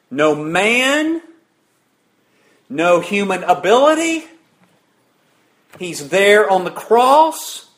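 A man's voice: sits high, a bit bright. A man preaching a sermon, asking his listeners questions and answering them himself, and reading scripture aloud with rising emphasis.

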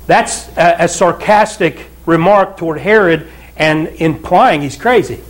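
Guy preaching in church, high-ish voice, talks casual, keeps asking amen?. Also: a little slow. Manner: conversational preaching with frequent asides and rhetorical "Amen?". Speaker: pastor. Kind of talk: sermon. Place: church sanctuary.

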